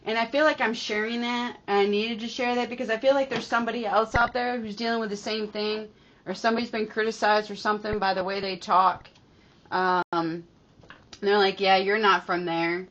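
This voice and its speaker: A woman's voice: mid-range voice, steady tone, fairly bright tone. A woman from New York with a New York accent touched by Southern speech, giving a channeled spiritual message in a repetitive, affirming way, then chatting casually. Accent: New York, with picked-up Southern touches. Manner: repetitive, affirming, drawn-out phrasing. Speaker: spiritual reader. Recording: dull lo-fi recording.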